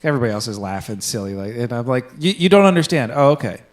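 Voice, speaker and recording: Racing along in a very animated, medium-pitched voice, a man in his twenties co-hosts a laid-back podcast. He rambles through gaming tales, swearing freely and acting out quotes from other people.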